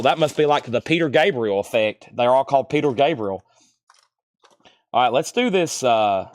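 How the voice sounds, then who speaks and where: A young man hosting a live vinyl sale stream, chatting casually and rambling while reading out titles and prices. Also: mid-range voice.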